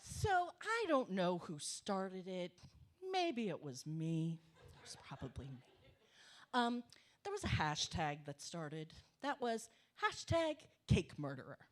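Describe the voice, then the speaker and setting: Lively middle-aged woman telling a story. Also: on the low side, slow. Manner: animated, emphatic, swears for punch. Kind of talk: live stage storytelling. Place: small cafe stage before an audience.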